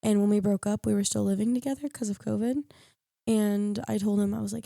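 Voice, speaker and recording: Gravelly young woman telling a story. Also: medium pitch, fairly even intonation, fairly quick, warm tone, dry recording, studio quality. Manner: candid storytelling, acts out quoted lines. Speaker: podcast panelist. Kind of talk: casual chat.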